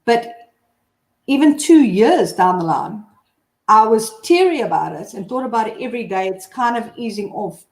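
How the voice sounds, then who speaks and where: A woman hosting a live video call discussion in a casual, soft-spoken way. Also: fairly high pitch, animated, normal speed. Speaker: host. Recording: roomy echo.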